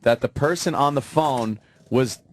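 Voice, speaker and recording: A man's voice: mid-range voice, measured pace. A man co-hosting a radio show, telling stories in loose, profane, rambling banter. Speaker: radio co-host.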